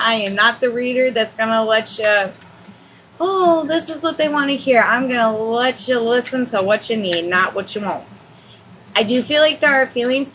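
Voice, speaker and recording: A woman's voice: medium pitch, fairly bright tone, a little hiss or hum, rough recording. A woman giving a live tarot reading. She talks casually and reassuringly, rambling with many fillers. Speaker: tarot reader.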